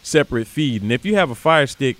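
A man who is a regular on a sports radio show, calmly explaining something. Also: mid-range voice, brisk, no room sound. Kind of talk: casual sports radio chat.

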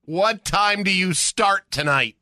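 A man's voice: high-pitched, bright, forceful tone, no echo, studio quality. A male radio host in casual chat, joking and egging on his guests. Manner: jokey, quick to laugh along.

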